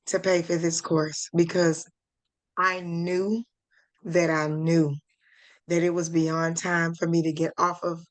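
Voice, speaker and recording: A woman speaks slowly and from the heart, close to tears, her voice sitting a little low. She pauses often and searches for words as she talks over a video call. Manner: slow, heartfelt, halting with fillers. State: holding back tears. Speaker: course participant. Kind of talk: emotional testimony on a group call.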